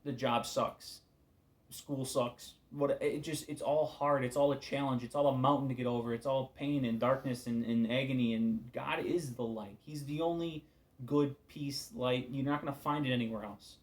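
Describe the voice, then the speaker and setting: A man giving an informal devotional talk as a preacher, casual and candid, weary and subdued, often trailing off into quiet asides. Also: medium pitch, fairly even intonation, moderate pace.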